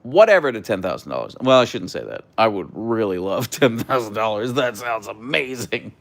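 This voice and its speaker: A young man hosting a casual livestream, chatting and reading out viewer comments in a relaxed way. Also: lowish voice, moderate pace, gravelly. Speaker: livestream host reading chat. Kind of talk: casual live chat.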